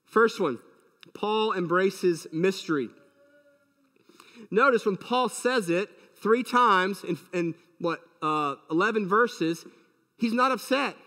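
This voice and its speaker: Male pastor mid-sermon, emphatic, high-pitched, with a long reverberant hall tail. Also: animated, slow pace, pushed and bright. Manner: emphatic, many rhetorical questions.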